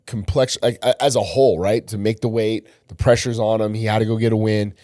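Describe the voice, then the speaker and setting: A man's voice: fairly low pitch, steady tone, brisk, warm tone, no room sound, clean studio sound. A man co-hosting a casual podcast chat, easygoing, agreeing a lot and swearing now and then. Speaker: podcast co-host.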